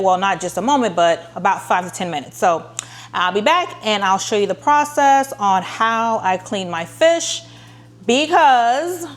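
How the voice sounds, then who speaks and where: Chatty woman hosting a cooking tutorial. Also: mid-range voice. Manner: chatty, rambling, many ums and restarts; mildly sarcastic asides. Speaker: cooking channel host.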